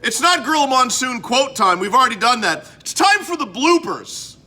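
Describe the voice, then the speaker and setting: A man from Canada hosts a casual show-and-tell of his collectibles, rambling and cutting himself off mid-thought. His voice sits high and swings widely in pitch, with a bright, sharp edge. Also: big pitch swings, normal speed. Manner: rambling, self-interrupting, chatty. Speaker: host.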